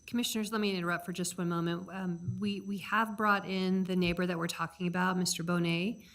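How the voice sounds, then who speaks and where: A staff member steps in to guide the meeting. She speaks briskly and to the point. Her voice is lowish for a woman. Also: level tone, a bit bright. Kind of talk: meeting moderation.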